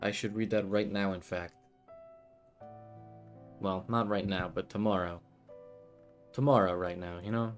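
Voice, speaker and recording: A man's voice: deep voice, steady tone, measured pace, long pauses, faint music behind. A man streaming a game, talking to himself in a grumbling, frustrated way. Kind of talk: casual gameplay commentary.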